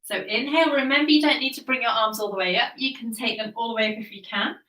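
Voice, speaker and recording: A woman instructor talks a class through a Pilates routine with calm, encouraging cues. Her voice is bright and a bit sharp, and it sits back from the mic in a roomy, echoing space. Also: fairly high pitch, fast, far from the mic. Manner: encouraging, calm cueing with breath counts. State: slightly out of breath. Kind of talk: guided workout instruction. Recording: echoey room, voice off-mic.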